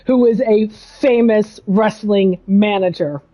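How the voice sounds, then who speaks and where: A woman game streamer in casual commentary, excitable and quick to laugh. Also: medium pitch, poor audio.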